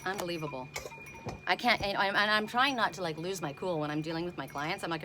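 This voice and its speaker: A woman's voice: on the low side, fast, music in the background. A middle-aged woman doing an oracle card reading outdoors, blunt and indignant in her asides. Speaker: tarot and oracle card reader.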